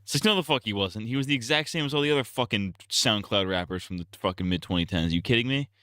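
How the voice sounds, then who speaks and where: Low, blunt, profane male streamer. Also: fast, bright, forceful tone, no room sound, studio quality. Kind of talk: casual live-stream rant.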